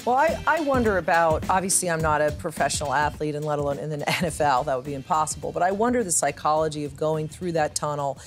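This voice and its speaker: A woman's voice: low voice, fast, few pauses, soft background music. A woman appearing as a magazine editor guest on a talk show, chatty and playful. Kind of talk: casual talk show interview. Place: radio studio. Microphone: studio microphone.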